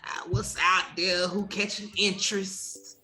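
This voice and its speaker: A woman's voice: medium pitch, level tone, unhurried, crowd noise. A woman hosting a podcast interview in casual chat, laid-back, with many short affirmations and laughs. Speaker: podcast host.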